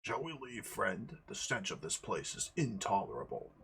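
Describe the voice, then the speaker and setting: A man's voice: on the low side, sing-song, moderate pace, gravelly, fairly bright tone, breathy edge, heavily acted. A man doing a sarcastic barbarian warrior. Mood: sardonic. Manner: snarling, sarcastic.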